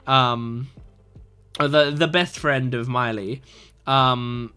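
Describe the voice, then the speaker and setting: A man's voice: mid-range voice, steady tone, slow pace, bright, forceful tone, clean tone. A man in his twenties talking casually about an anime episode, enthusiastic and rambling, with lots of fillers and restarts. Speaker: anime reaction YouTuber.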